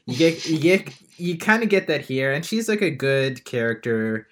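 A man's voice: a little high, expressive, normal speed, a bit bright. A man chatting casually as a podcast co-host, rambling with many fillers and restarts as he retells scenes. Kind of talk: casual film review chat.

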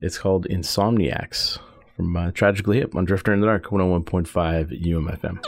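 A man's voice: deep voice, steady tone, brisk, vocal fry. A man hosting a campus radio show, chatting casually between songs, rambling with fillers and self-corrections. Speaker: radio host. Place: small radio studio. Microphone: studio broadcast mic.

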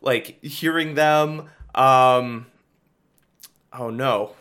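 Male guest, bright forward tone, halting casual delivery. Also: mid-range voice. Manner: hesitant, trailing off. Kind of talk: casual chat.

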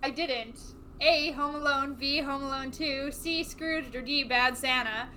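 A young woman hosting a casual quiz, reading out questions in a brisk, teasing way. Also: high voice, pushed and bright, a little hiss or hum. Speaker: quiz host.

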